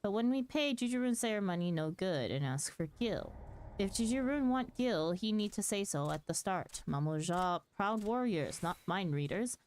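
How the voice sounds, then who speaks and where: A woman's voice: mid-range voice, animated, moderate pace, a little mellow, slight background noise, natural voice. Blunt lizard-man warrior chief, male, broken clipped speech, stern; read by a woman. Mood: stern, proud. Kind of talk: reading game dialogue aloud.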